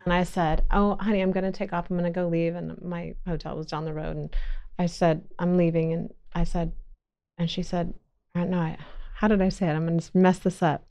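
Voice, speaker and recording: A woman's voice: lowish voice, level tone, brisk, warm tone. Chatty, laughing woman podcast host. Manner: chatty storyteller who laughs often. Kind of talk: casual chat.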